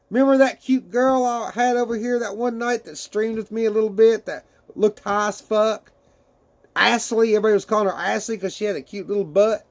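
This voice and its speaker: A man casually chatting with his livestream viewers and reading their messages aloud, laughing often and swearing freely. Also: high-pitched.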